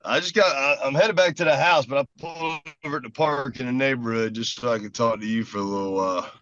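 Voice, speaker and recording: A man's voice: mid-range voice, fast talker, fairly bright tone, no room sound. Easygoing man on a lo-fi line. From South Carolina. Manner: easygoing, laughs often. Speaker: guest, former baseball player. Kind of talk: casual interview. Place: parked car at a park.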